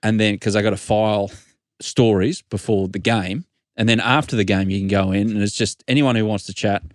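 Low-voiced Australian man, dry and laid-back. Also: fairly even intonation, brisk, dry recording. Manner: laid-back storyteller, dry teasing humour. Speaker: podcast co-host, rugby league journalist. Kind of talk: casual chat.

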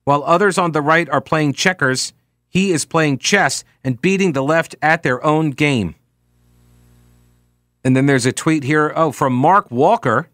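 A man hosts a political talk show in a slightly high voice. He talks casually with a sarcastic edge and drifts into asides as he reads listener messages. The sound is close and dry, with no room around it. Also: unhurried, a bit bright, no room sound. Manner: sarcastic, conversational, with frequent asides. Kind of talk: casual political commentary and reading listener tweets.

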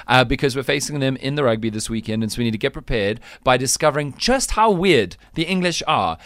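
A man's voice: medium pitch, a bit bright, no echo. A man hosting a playful radio news quiz, teasing his co-hosts and often laughing. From South Africa. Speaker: radio show host.

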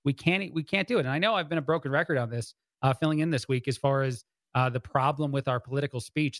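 A man's voice: medium pitch, a bit bright, dry recording. Rambling talk-radio man, dry studio sound. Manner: rambling, frequent "uh" fillers and restarts. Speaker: fill-in radio host.

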